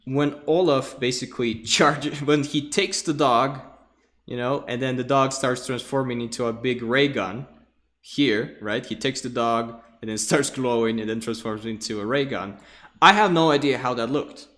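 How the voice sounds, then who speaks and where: A man's voice: medium pitch, normal speed, a bit bright. A man lecturing who acts out scenes with his own vocal sound effects and repeats words as he searches for them. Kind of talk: storyboard pitch in a lecture.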